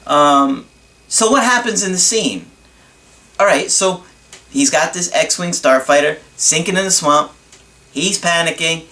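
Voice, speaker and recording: A man's voice: on the high side, measured pace, pushed and bright. A man giving a casual motivational talk, earnest and emphatic, speaking directly to his listeners.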